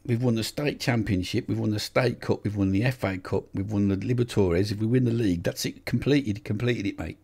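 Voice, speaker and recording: A man talks through a football management game in a rough, gravelly voice with a dark, husky tone. He is excitable and swears freely, shouting encouragement and complaints at players who cannot hear him. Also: lowish voice, a little fast, hardly any pauses. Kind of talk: casual live game commentary.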